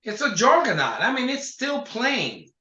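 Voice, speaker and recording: An older man, a singer, chatting in an interview and telling animated stories from his career. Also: very high-pitched, a little slow. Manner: animated storyteller, acts out quotes. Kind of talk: casual interview conversation. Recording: echoey dull lo-fi sound.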